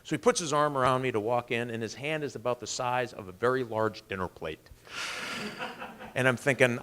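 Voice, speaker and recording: A man's voice: mid-range voice, a little fast, fairly bright tone. A man, a congressman, giving a political speech with earnest storytelling and emphatic rises.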